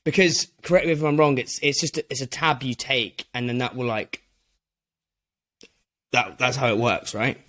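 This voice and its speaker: A man's voice: medium pitch, fairly even intonation, moderate pace, long pauses, a bit bright. A man hosting a podcast, talking in a chatty, rambling way. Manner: chatty, rambling, laughs mid-story. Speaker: podcast host. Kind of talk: casual business chat.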